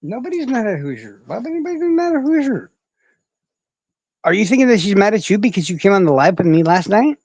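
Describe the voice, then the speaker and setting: A man chatting on his livestream in a rambling, profane, self-mocking way. His voice sits a little high and swings widely in pitch. The sound is dry and close, with little room tone. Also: sing-song, quick pace, darkish tone, no echo, muffled recording. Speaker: livestream host. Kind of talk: casual livestream chat.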